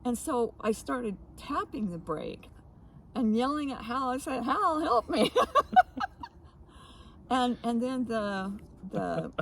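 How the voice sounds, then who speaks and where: A woman co-hosting a casual chat, telling odd stories with frequent laughs and halting restarts. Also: on the high side, animated, gravelly, a little hiss or hum, low-quality recording. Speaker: co-host.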